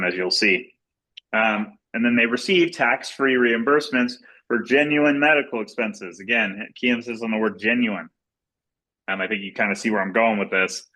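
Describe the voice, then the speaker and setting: A man's voice: on the low side, pushed and bright, rough recording. A man leading a recorded business training, walking through slides in a casual, repetitive way with lots of fillers and restarts. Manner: informal and repetitive, many fillers and restarts, plain explanatory tone. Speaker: company executive leading a sales training.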